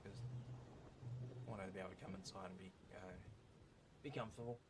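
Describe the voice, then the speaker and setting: A man's voice: low-pitched, fairly even intonation, fast, background noise. A man casually commentating his own speedrun with joking, sarcastic asides.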